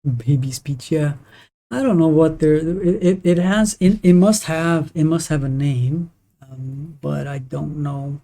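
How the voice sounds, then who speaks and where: During a live gaming stream, a native Portuguese speaker talks casually in a mellow, mid-range voice. His speech is halting and opinionated, marked by frequent restarts.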